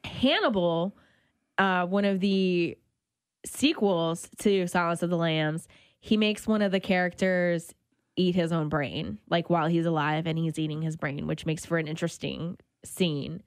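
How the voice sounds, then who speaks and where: A woman's voice: lowish voice, a little slow, no room sound, clean studio sound. A woman hosting a local radio food show, chatting casually about restaurants and dishes she tried. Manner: chatty, animated about food, self-conscious laughs. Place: radio studio.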